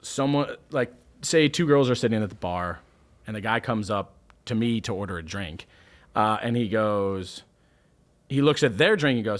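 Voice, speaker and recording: A young man on a podcast whose pitch swings widely as he talks. He is emphatic and jokey and often jumps in on his co-host. He sounds casual and conversational. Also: animated, normal speed. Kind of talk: casual chat.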